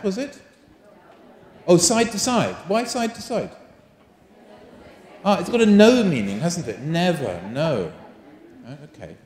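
A man running a live teacher-training workshop, coaxing the audience and firing questions at them. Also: high voice. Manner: animated, coaxing, asks the room many questions. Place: large conference hall. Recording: roomy echo of a large hall.

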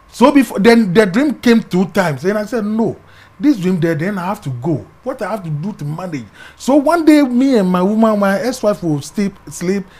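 A middle-aged man with a Ghanaian English accent, telling his personal story as an interview guest, animated and acting out the voices in it, often dropping to a hush. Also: sits high.

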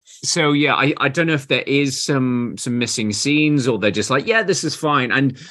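This podcast co-host, a man with a mid-range, fairly bright voice, chats casually about a film at a normal speed. His phrasing is hesitant and stop-start, and he restarts often.

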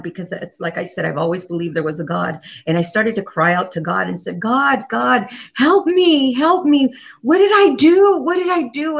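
A woman guest giving an earnest personal testimony, halting and often repeating her words. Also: mid-range voice. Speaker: interview guest. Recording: slightly dull lo-fi audio.

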